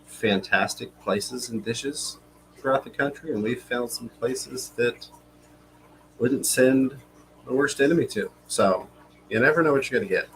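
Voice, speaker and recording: A man co-hosting a casual live stream, talking in a relaxed way with many fillers and reading viewer comments aloud. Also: medium pitch, a little slow, a little hiss or hum, poor audio. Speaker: livestream co-host.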